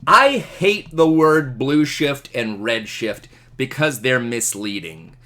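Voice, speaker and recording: Lively, jokey male teacher. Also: medium pitch, slow pace. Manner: animated, jokey, asks the class questions. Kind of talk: classroom lecture.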